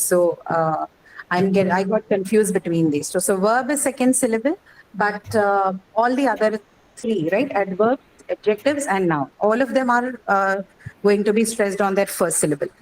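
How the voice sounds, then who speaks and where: A woman's voice: medium pitch, a little mellow, slight background noise, poor audio. A woman teaching an English class, explaining step by step and often checking that the student follows. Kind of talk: online class lecture.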